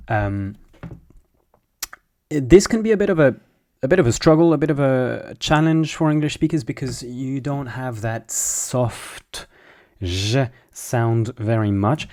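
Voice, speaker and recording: A French man, a native speaker of French, gives a casual pronunciation lesson in a voice of middling pitch. He explains patiently and breaks sounds down, repeating each one slowly so the learner can follow. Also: a little mellow. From France.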